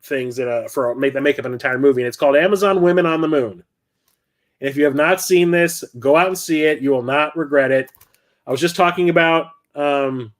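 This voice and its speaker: A middle-aged man chats casually about his film collection in a somewhat high voice. He rambles enthusiastically, trailing off into fillers and restarts. His pace stays loose and conversational. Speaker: host.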